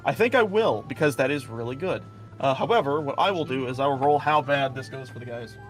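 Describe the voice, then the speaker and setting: A man narrating as game master of a tabletop game, loose and quick, often laughing. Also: mid-range voice, music in the background.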